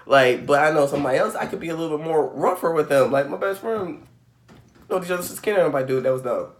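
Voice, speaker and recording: A man's voice: fairly high pitch, fast talker. A man in his thirties hosting a spiritual channel, talking casually to camera at home and saying "like" constantly. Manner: rambling, says "like" constantly, acts out quoted voices. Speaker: spiritual reading channel host.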